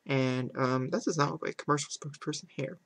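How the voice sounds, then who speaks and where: A man hosting a casual let's-play commentary, chatty and excitable, with lots of fillers, who often slides into exasperated ranting. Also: fairly high pitch, fast talker. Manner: heavy filler "like", "super duper". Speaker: gaming channel host.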